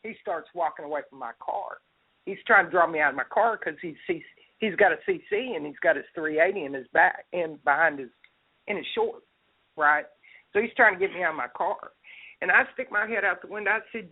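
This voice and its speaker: A woman's voice: fairly low pitch, lively intonation, normal speed. A woman tells a story in a blunt, profane, heated way. She sounds like she is calling in, with a thin, phone-line quality to the sound. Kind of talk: casual storytelling on a podcast call.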